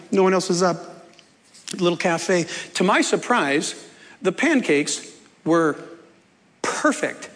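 A man preaching a sermon as pastor, telling a story with playful humor and coaxing the congregation to respond. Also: high-pitched. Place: church. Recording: long reverb of a church hall.

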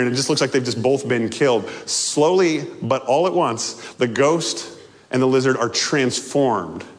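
A man preaching a sermon as a pastor, playful and animated, acting out scenes as he goes. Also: a little high. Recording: long hall reverb.

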